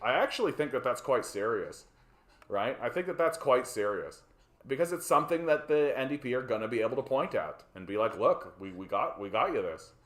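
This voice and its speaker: A man's voice: mid-range voice, very animated, fairly quick. Canadian man, livestream host, casual profane rants, mid voice, roomy sound. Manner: profane, rambling, tags lines with "right?". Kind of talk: casual political commentary.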